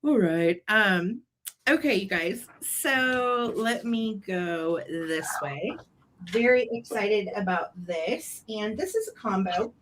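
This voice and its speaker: Woman with a bright, clear voice hosting a vintage sale, talks slow and gushes a lot. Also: mid-range voice, a little hiss or hum. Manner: gushing, excited, laughs often. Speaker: co-host of a live vintage sale. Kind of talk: casual sales chat.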